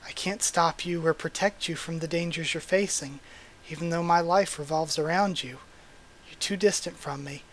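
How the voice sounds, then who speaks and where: A man's voice: on the high side, steady tone, moderate pace, slight background noise, lightly acted. A man voicing a small, frank young female rabbit as he reads a manga aloud, in his own everyday voice and with a blunt, exasperated manner. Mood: wistful.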